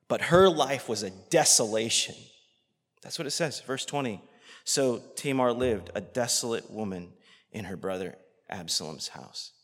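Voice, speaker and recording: A man preaching a sermon with passion, swinging between loud outrage and hushed, near-whispered tenderness. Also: mid-range voice, expressive, unhurried. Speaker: pastor. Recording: long hall reverb.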